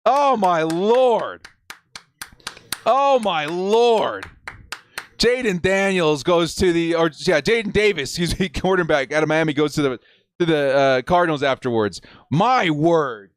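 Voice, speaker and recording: A young adult man with a slightly high voice hosts a live fan watch party stream, speaking a little slowly as he excitedly shouts reactions and reads chat messages aloud. There is no room sound.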